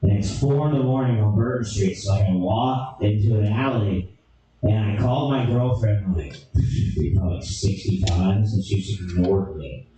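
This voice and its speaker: A young man telling a crude, animated comedy story, now and then breaking into shouted bursts. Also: fairly low pitch, normal speed, far from the mic. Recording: echoey room, from off mic.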